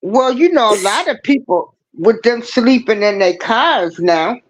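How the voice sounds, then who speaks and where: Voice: mid-range voice, animated, measured pace. A person chiming in with short remarks during a casual chat. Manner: short interjections and comments. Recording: dull lo-fi sound.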